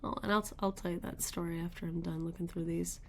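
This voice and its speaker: A woman's voice: lowish voice, steady tone, fast, a little hiss or hum. A woman hosting a daily weather radar show, thinking aloud in casual, rambling commentary as she looks at the maps.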